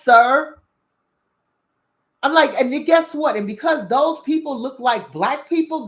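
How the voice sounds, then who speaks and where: Woman w/ going off on a heated cussing rant, animated talk-show monologue. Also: on the high side. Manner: animated, profane, heated ranting. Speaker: channel host. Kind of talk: casual spiritual commentary monologue.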